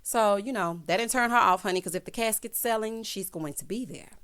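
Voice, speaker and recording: A woman's voice: mid-range voice, fairly quick, fairly bright tone. A woman giving a sassy, chatty recap of a reality show, peppering her talk with "child" and "honey" asides and acting out what the cast said. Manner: acts out cast members' lines in shifting voices. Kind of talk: casual recap commentary.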